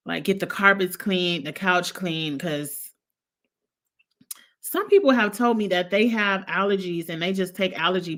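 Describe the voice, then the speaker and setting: A woman's voice: on the low side, a bit bright. A woman hosting a casual live-chat recap show, talking in a blunt, gossipy, opinionated way. She is a bit congested from allergies and coughs now and then. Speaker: host.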